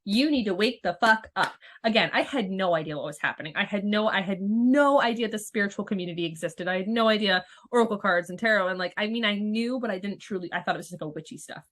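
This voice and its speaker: A woman's voice: medium pitch, quick pace, hardly any pauses, fairly bright tone. A woman in her thirties, a podcast host and spiritual coach, telling her story in a candid, rambling way with lots of swearing and restarts. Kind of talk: casual storytelling monologue.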